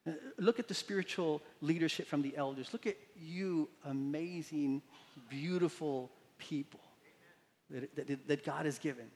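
Animated pastor preaching in a reverberant church. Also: male voice, fairly high pitch, measured pace. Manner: animated storytelling, acts out quotes with voices. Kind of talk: sermon. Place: church sanctuary.

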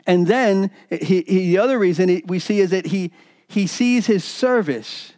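A man's voice: sits high, unhurried, a little mellow. A man preaching a sermon as pastor, retelling a parable with repeated words and acted-out quoted lines. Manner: preaching with repetitions, acting out quoted voices.

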